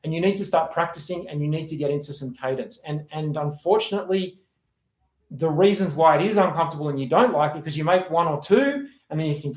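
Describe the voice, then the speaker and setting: A man giving a sales training talk, energetic, acting out sample phone calls as he explains. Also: fairly high pitch, fast talker. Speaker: sales coach. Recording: roomy echo.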